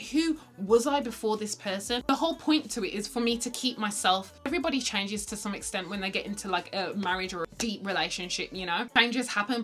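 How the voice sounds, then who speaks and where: A young woman vlogger telling a dating story, swinging between loud exclamations and hushed asides. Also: medium pitch. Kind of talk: storytime vlog.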